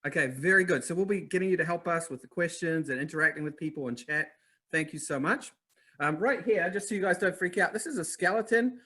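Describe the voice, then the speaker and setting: A man with a New Zealand accent hosting a live online masterclass, upbeat and energetic, talking straight to viewers in chat. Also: on the high side, fairly quick. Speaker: webinar host.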